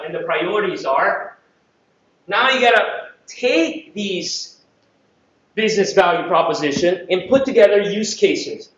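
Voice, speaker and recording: A man's voice: sits high, a bit bright. A man from the Philippines giving a playful conference talk to an audience, often checking that they follow him. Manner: playful, audience-engaging, acts out quotes. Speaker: conference presenter. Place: large conference room. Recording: echoey room, distant and dull mic.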